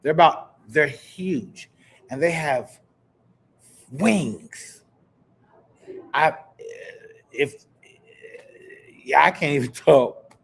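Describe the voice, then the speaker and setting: A man from Kansas hosting a live podcast, telling stories in an animated, chatty way and talking straight to his viewers. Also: fairly high pitch, extremely slow, vocal fry, pauses often, slightly rough. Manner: animated storyteller, chatty, addresses viewers directly. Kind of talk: casual live-stream chat.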